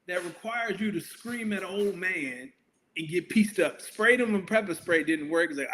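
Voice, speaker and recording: A man's voice: high-pitched, expressive, normal speed, a bit bright. A man co-hosting a podcast in casual chat, bantering in a profane, incredulous way.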